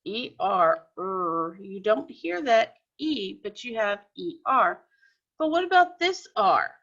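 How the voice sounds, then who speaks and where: Woman teacher, patient step-by-step explainer for kids, slow delivery, bright tone. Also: a little high, very animated, highs cut off. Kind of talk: recorded classroom lesson.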